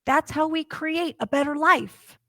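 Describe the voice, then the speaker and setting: A woman minister preaching a sermon, telling a parable in a lively way and acting out its characters' lines. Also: high-pitched, a little slow, no room sound. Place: church sanctuary.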